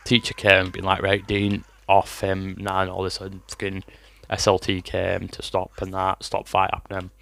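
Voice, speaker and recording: A man's voice: low voice, monotone, normal speed, vocal fry, bright, forceful tone. A man, telling a rambling, sweary storytime to his vlog audience while fighting a cough. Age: 20s. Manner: rambling, swears often, lots of fillers. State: has a cough. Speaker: vlogger.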